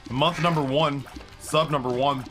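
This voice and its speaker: A man's voice: mid-range voice, fairly even intonation, a little slow. Male streamer, loose casual chat with frequent self-corrections, over background music. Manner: rambling, self-correcting, chatty. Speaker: game streamer.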